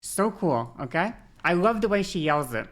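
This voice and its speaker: A woman's voice: on the low side, very animated, normal speed. A woman streamer chatting casually, going off on a long tangent and checking in with "okay?" and "you know?" often. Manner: tangent-prone, frequent fillers and check-ins. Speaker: game streamer. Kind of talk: rambling casual stream chat.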